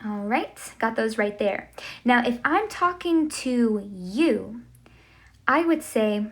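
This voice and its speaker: Woman teacher walking thru spanish grammar, slow and careful, kinda high voice, keeps asking okay? right?. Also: animated. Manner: upbeat, checks in with frequent "okay?" and "right?". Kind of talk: classroom lesson at a whiteboard.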